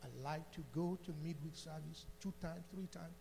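A man's voice: fairly high pitch, fairly even intonation, normal speed, gravelly, warm tone, in a large hall, a little hiss or hum. An older man with an African accent giving a fervent testimony to a church congregation. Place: church sanctuary.

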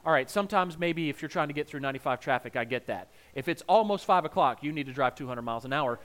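A man's voice: a little high, expressive, fast, fairly bright tone. A man with a Southern American accent preaching a sermon in a folksy, humorous storytelling way, joking with the congregation.

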